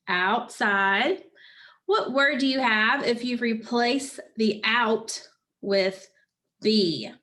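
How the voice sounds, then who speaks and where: A woman teaching a phonics lesson, prompting children patiently and pausing for their answers. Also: fairly high pitch, a bit bright.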